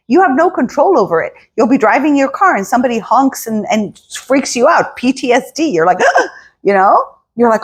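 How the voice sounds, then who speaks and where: A woman talks as a spiritual coach in an unscripted motivational monologue. Her pitch swings widely and expressively, and her voice carries a soft, airy breathiness. She slips into quoted inner voices to act out feelings. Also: sing-song, a little fast, husky. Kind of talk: casual motivational talk.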